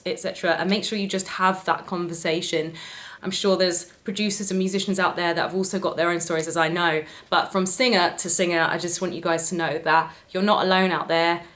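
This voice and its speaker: A woman in her thirties, a singer, chatting casually to camera about records she has sung, with friendly advice for other singers. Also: lowish voice. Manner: chatty, warm-hearted advice, sings short snippets. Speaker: singer and vlogger.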